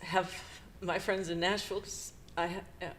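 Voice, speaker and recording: A middle-aged woman co-hosting a podcast, retelling a painful personal story in a halting, emotional way with nervous laughs. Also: fairly low pitch, level tone, fairly bright tone, slight background noise. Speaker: podcast co-host.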